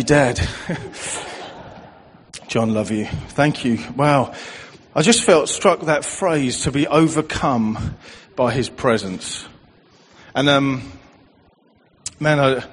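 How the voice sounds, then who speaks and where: A man preaching an emotional sermon in a church hall, speaking softly and lingering on repeated phrases. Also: fairly high pitch, husky. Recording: long hall reverb.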